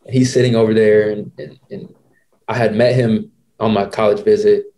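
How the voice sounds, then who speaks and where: A man in his twenties with a dark, mellow voice hosts a podcast and tells a long story in a casual way. He talks in an animated, slangy manner. He keeps quoting himself and others as he goes. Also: on the low side, moderate pace. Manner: animated, slangy, quotes people in his stories. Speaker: podcast host.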